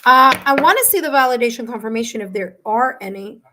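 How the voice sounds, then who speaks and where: A woman reading tarot live for her viewers, talking warmly and emotionally, with many fillers and restarts. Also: on the high side, expressive, fast talker, background noise. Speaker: tarot reader and medium. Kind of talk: live-stream reading, casual chat with viewers.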